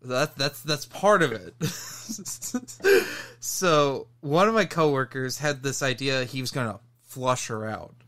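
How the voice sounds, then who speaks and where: Bright-voiced man telling stories. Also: medium pitch, takes it slowly. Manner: animated storytelling, laughs while telling. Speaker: podcast co-host. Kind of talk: casual podcast chat.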